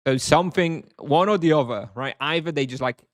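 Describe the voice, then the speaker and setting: A man's voice: on the high side, fairly quick, no room sound, studio quality. A man streaming a game live, chatting casually with his chat, thinking aloud with fillers and frequent chuckles.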